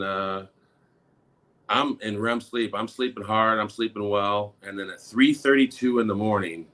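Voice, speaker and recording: Middle-aged guy telling a story on a podcast, bright forceful voice, gets loud when he acts out what people said. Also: on the low side. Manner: animated, acts out quotes in a raised, shouting voice. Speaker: podcast co-host. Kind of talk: casual storytelling.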